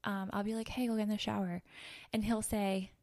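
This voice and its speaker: A woman's voice: medium pitch, level tone, brisk, a little mellow. A woman in her thirties giving a casual, earnest devotional talk with many fillers. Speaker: podcast host. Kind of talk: conversational devotional teaching.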